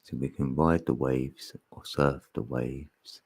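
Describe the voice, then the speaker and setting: Deep husky man chatting on a livestream. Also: fairly even intonation, takes it slowly, a little mellow. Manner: joking, rambling, laughs often, sings loosely. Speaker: livestream host. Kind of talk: casual live stream chat.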